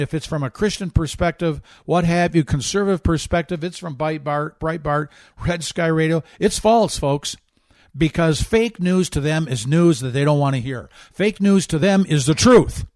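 A man's voice: fairly high pitch, darkish tone, dry recording, studio quality. A man hosting a talk radio show, delivering a fervent, emphatic political monologue with a preachy edge, a bit out of breath.

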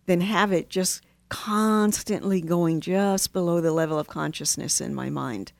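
Calm, measured woman therapist. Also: lowish voice, vocal fry, dry recording. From United States. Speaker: marriage and family therapist, guest. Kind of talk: casual interview chat, storytelling.

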